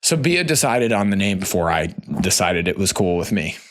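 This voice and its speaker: A man's voice: low-pitched, big pitch swings, normal speed. An American man in his thirties, hosting a candid solo podcast in a loose, conversational way, with lots of "like" and "you know". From United States. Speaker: podcast host.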